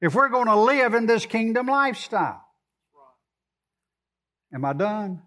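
High-voiced preacher. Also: male voice, big pitch swings, a little slow, pushed and bright. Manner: conversational preaching, quoting scripture, coaxing the congregation. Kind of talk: sermon.

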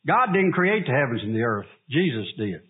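Preacher guy, high animated voice, husky, sounds like a tinny radio broadcast. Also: brisk. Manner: preaching with call-and-response questions. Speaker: pastor. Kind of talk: sermon.

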